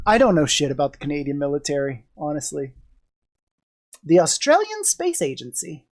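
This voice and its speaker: A woman's voice: low-pitched, big pitch swings, slow, long pauses. A woman streamer with a cold, chatting casually on a livestream, joking and swearing as she rambles. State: sick with a cold.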